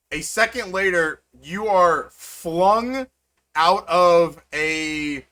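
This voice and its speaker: A man's voice: a little high, bright, forceful tone. A man narrating as game master in a tabletop game, rambling and full of fillers.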